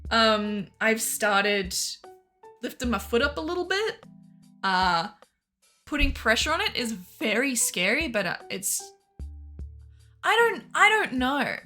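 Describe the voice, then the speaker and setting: A woman's voice: on the high side, lively intonation, a little slow, sharp tone, faint music behind. A woman streamer telling a story in casual chat, rambling with fillers and laughs.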